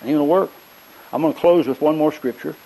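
An older man preaches a rambling, conversational sermon full of folksy stories, often pausing to clear his throat. His voice is a little high and warm, he talks fast, and the recording is rough.

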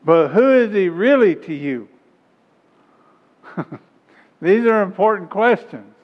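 A man preaching a sermon and reading scripture, emphatic and rising in pitch on key points. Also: expressive, takes it slowly. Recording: dull sound with long hall reverb.

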